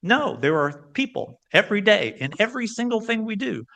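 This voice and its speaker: An older man giving a lively talk at a club meeting, an animated storyteller who shifts pitch and pace for emphasis. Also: fairly quick, creaky. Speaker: guest speaker.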